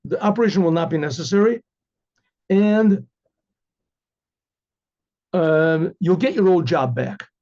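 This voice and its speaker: A rabbi telling a story in first person and acting out the dialogue, now and then clearing his throat. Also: on the high side, measured pace, pauses often, a little mellow. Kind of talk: spoken storytelling. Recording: dull lo-fi recording.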